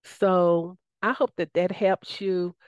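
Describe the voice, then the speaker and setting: A woman's voice: on the low side, fairly even intonation, slow, clean tone, no echo, studio quality. A woman with a Southern US accent hosting a radio talk show, enthusiastic and folksy, often calling out to her listeners.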